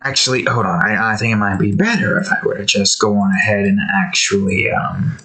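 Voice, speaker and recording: A man's voice: fairly low pitch, steady tone, brisk, bright, forceful tone. A man chatting casually while drawing, rambling through joking tangents and laughing often. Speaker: artist and channel host.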